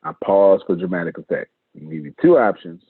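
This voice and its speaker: Guy coaching his team, deep husky voice, dry tinny video call sound. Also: big pitch swings, quick pace, no echo. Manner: emphatic, repeats phrases for effect. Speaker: business coach leading a team meeting. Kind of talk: live team meeting talk, coaching.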